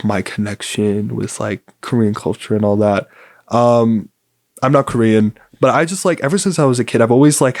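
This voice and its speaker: A man's voice: mid-range voice, a little mellow, no echo. Chatty young man, dry close sound. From United States. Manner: rambling, filler-heavy, upbeat and chatty. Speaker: podcast host. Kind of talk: casual solo podcast chat.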